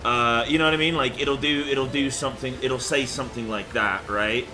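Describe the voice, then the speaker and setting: A man's voice: mid-range voice, fairly even intonation, moderate pace. A young man chatting loosely on a game stream, rambling with fillers and the odd swear word. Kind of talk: casual live-stream chat.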